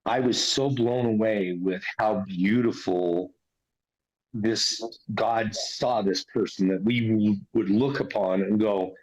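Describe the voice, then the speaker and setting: In lo-fi sound, an interviewee recounts his near-death spiritual experience as casual storytelling. He speaks earnestly and conversationally, with a fairly low voice at a slow pace.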